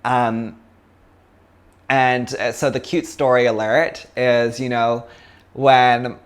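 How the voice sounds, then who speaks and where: A man's voice: medium pitch, little pitch movement, takes it slowly, smooth. A man from Canada, a yoga teacher giving a chatty, casual philosophy talk, full of fillers and laughs.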